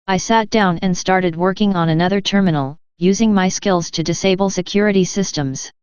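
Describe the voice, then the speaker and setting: A woman narrating a first-person story in an even, measured reading style. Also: fairly low pitch, clean tone, no room sound. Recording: dull lo-fi sound.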